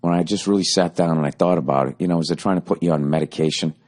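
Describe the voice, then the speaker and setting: A man's voice: sits low, very fast. Profane rambling man on a solo podcast. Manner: profane, rambling, swings between loud and muttered. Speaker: podcast host. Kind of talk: solo comedic monologue.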